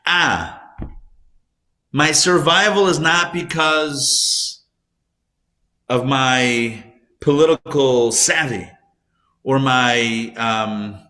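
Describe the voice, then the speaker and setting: Guy doing a sheep going all slow and pompous then owning up, bright voice. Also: mid-range voice. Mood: humbled. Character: humbled sheep finally admitting it needs the shepherd.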